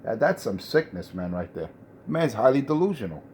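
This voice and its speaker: A man trash-talks a rival over a CB radio, lecturing him in a mocking, repetitive way. His voice sits at an average pitch, with faint hiss behind it. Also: big pitch swings, normal speed, darkish tone. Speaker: CB radio operator. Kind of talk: trash-talking radio banter.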